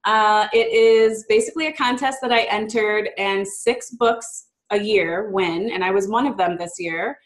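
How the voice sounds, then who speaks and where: A woman's voice: mid-range voice, unhurried, few pauses. A woman being interviewed about the children's book she wrote, chatty and upbeat, with lots of "um" and "like". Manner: chatty and upbeat, many fillers like "um" and "like"; mimics a child's voice in quotes. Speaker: guest, children's book author. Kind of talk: casual interview chat.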